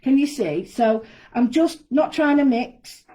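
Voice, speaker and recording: A woman leads a live craft demonstration, explaining each step in a chatty, friendly way. Her voice sits a little high, with a mellow, warm tone. She talks from an indoor studio. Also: animated, a little slow, poor audio. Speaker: guest designer demonstrating a craft.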